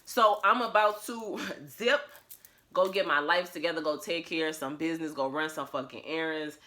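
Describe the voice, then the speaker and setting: A woman's voice: sits low, steady tone, moderate pace, a bit bright. A woman talking to her phone camera at home in a casual vlog, blunt, profane and emphatic, laughing often. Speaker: vlogger.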